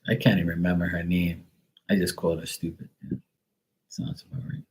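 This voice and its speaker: Brief: low-pitched man, blunt and foul-mouthed, rambling casual tarot streamer. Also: fairly quick, dark tone. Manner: blunt, profane, rambling storyteller. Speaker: tarot reader. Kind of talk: casual live stream chat.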